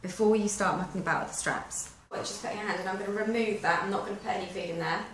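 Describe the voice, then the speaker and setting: A woman's voice: mid-range voice, steady tone, quick pace. A woman, a dog trainer giving practical step-by-step instructions in a chatty manner. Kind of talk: instructional how-to video. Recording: echoey room with faint noise.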